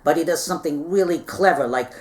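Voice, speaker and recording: A man with a voice on the high side tells a history story at a quick pace. His casual retelling rambles and meanders, sprinkled with playful asides and frequent "all right?" check-ins with the audience.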